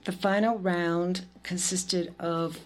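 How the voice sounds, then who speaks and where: A woman hosting a poetry event, talking informally between readers. She speaks in a chatty, loose way with fillers. Her voice sits a touch low. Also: steady tone, slow. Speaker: event host.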